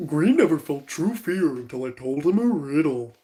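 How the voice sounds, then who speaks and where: A young man voicing a dopey male cartoon dog with a forced low, goofy drawl. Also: big pitch swings, moderate pace, dark tone.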